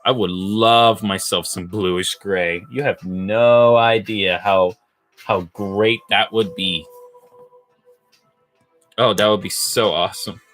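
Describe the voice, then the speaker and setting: A man chatting casually on a livestream while he builds, playful and rambling, poking fun at himself as he thinks out loud. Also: on the low side, steady tone, slow pace, soft background music. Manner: playful, rambling, self-mocking, thinks aloud. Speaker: livestreamer building brick models.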